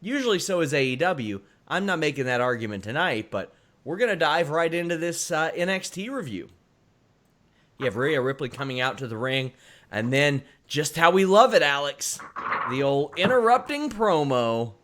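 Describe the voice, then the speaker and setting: A man hosting a podcast, giving brisk, emphatic opinions in casual chat, with frequent "uh" fillers. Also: fairly high pitch, lively intonation, a bit bright. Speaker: podcast host.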